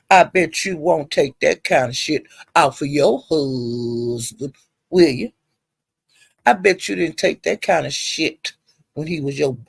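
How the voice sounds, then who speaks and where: A woman riffing on a livestream, talking straight to her chat and laughing between lines. She curses freely, jumps from loud outbursts to low muttering, and her voice sits close and dry with no room sound. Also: creaky, husky, no room sound. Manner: talks straight to chat viewers by name, laughs a lot, heavy cursing. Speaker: livestream host. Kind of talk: casual livestream commentary.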